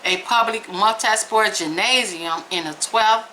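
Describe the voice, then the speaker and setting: A woman vlogger, reading aloud slowly and reacting with emphatic exclamations. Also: mid-range voice, pushed and bright, a little hiss or hum, poor audio. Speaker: vlog host reading aloud.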